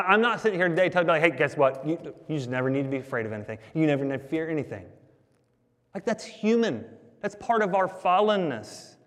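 A man preaching a sermon as the pastor, talking to the congregation in a conversational, animated way. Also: sits high, long reverb tail.

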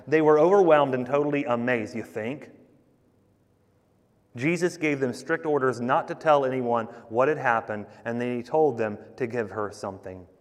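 A man preaching a sermon, conversational and emphatic, talking to the congregation as guys. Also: medium pitch. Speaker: pastor. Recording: long hall reverb.

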